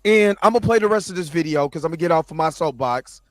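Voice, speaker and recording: Fired-up high-voiced man ranting. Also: animated, fast, dry recording, faint music behind. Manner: impassioned, ranting, stumbles and restarts. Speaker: host of a reaction show. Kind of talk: heated reaction commentary.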